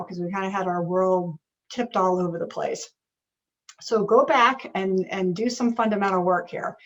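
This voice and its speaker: A woman who works as a business strategist and leadership coach gives a conversational talk on a video call, often checking in with "right?". Her voice is medium-pitched and the sound is lo-fi.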